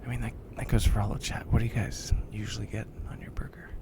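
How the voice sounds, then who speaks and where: A man hosting a whispered ASMR live chat, talking softly with his viewers. He is a bit congested. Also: on the low side, level tone, fast, creaky. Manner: soft whispering, chatting with viewers. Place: lying down.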